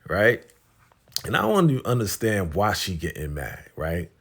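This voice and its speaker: A man's voice: sits low, huge pitch swings, normal speed, breathy edge. A man hosting a casual TV episode recap, retelling scenes in slangy, chatty talk and paraphrasing what the characters say. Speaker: TV recap host.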